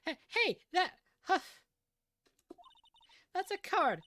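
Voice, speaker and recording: A woman's voice: very high-pitched, very animated, extremely slow, fairly bright tone, voice pushed up, heavily acted. A woman voicing a cranky, breathless old woman who huffs and puffs between stammered words. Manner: wheezy huffing and puffing between stammered words. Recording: faint music underneath.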